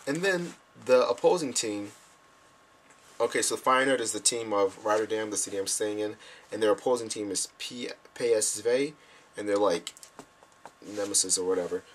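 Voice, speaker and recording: Young man, low voice, lively casual storyteller, animated reactions, faint room hum. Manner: animated, acts out quoted reactions. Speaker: vlogger.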